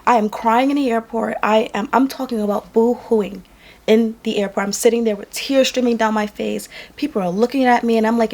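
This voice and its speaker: Woman vlogger, fairly high voice, worn out, tells a personal story to camera, leans on repetition for emphasis. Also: steady tone, a little fast, a little mellow. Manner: emphatic, repeats lines for effect. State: tired. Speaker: vlogger and makeup artist.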